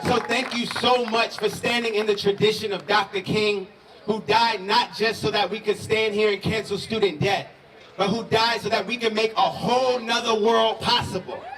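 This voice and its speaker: A man's voice: sits high, level tone, moderate pace. A man giving a rousing, repetitive, preacher-like speech at an outdoor protest rally. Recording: distant echoey outdoor crowd recording.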